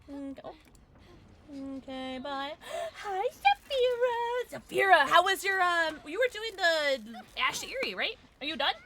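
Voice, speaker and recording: A young woman streaming a game from home on a desk microphone, chatting excitedly to her viewers and breaking into shouts and laughter. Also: sits high, slow, long pauses. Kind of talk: live gameplay commentary.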